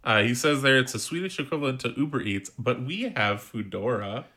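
Casual male podcast co-host, bright tone, relaxed and chatty, reads listener mail. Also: medium pitch, fairly quick. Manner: laid-back, chatty, swears casually. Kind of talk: casual chat, reading a listener letter.

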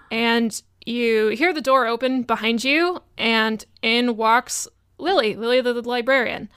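A woman narrating a tabletop game as game master, relaxed and unhurried with fillers. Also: fairly high pitch, clear, resonant tone, no echo.

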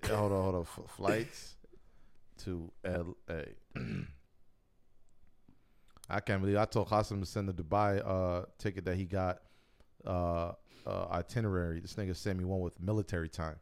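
A man's voice: low-pitched, fairly even intonation, moderate pace, creaky, pauses often, a little mellow, clear, resonant tone. A young man co-hosting a podcast in slangy casual chat, laughing often and restarting his sentences. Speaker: podcast co-host.

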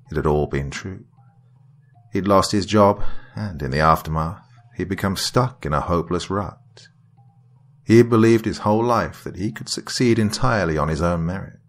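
Brooding storybook narrator, male, deep voice, slow, faint music behind. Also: vocal fry. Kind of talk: scripted narration of a dark story.

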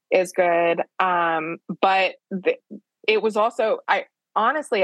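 A woman author being interviewed, speaking frankly and self-deprecatingly with quick asides. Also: lowish voice, dry recording. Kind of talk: candid conversational storytelling.

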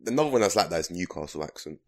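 A man's voice: sits low, animated, racing, darkish tone. A young man with a London accent, co-hosting a podcast in casual, blunt and teasing chat full of "like". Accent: London English. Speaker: podcast co-host.

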